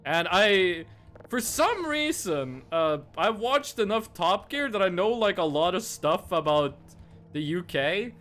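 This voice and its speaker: A man's voice: sits high, sing-song, slow pace, fairly bright tone, faint music behind. A young man live-streaming a game, chatting casually and rambling through stories with lots of fillers into a desk mic at his home setup. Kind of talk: casual live-stream chat while gaming. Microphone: desk mic with webcam on monitor.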